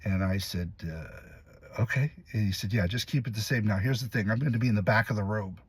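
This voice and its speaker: A male actor telling a story to camera in a casual, animated way, acting out the lines and voices as he goes. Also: lowish voice, fairly quick, breathy edge. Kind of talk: casual anecdote told to camera.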